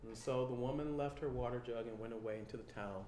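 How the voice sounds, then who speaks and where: A man preaching a sermon in an animated way, acting out people's reactions and repeating his key lines. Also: mid-range voice, quick pace, a little hiss or hum. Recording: echoey room.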